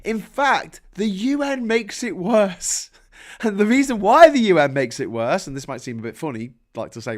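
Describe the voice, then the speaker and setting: A man with a British accent delivering a sweary, animated political rant as host, laughing between points. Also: high-pitched, moderate pace. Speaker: podcast host.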